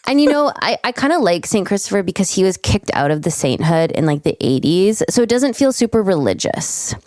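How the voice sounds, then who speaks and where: A woman's voice: mid-range voice, sing-song, brisk, a little mellow, dry recording, clean studio sound. A woman from Canada co-hosting a podcast, joking dryly in casual chat. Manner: wry, joking. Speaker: podcast co-host.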